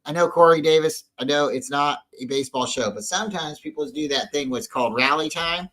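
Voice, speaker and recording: A man's voice: on the high side, brisk, a bit bright, rough recording. A man co-hosting a casual sports fan show, telling rambling stories with many restarts. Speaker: podcast co-host.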